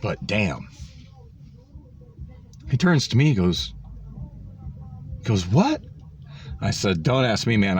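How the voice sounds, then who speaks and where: A man telling a vlog story on his phone in an exasperated, sarcastic rant. His pitch swings widely, he swears freely, and faint background noise sits under him. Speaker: vlogger.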